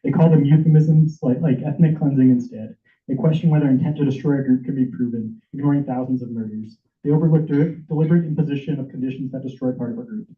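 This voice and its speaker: Guy giving a heated speech at a senate meeting, fast, kinda stumbly, echoey hall. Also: mid-range voice, steady tone. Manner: urgent, emotional, with stumbles and repeats. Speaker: public commenter at senate meeting. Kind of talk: impassioned prepared speech. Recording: echoey room over tinny phone-like audio.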